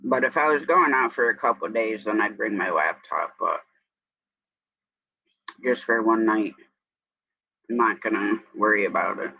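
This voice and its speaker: Man, upstate New York accent, live-stream host, rambling chatty manner, unhurried, muffled lo-fi sound. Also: on the low side, vocal fry, no room sound. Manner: rambling and chatty, greeting viewers between stories. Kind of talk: casual morning live-stream chat.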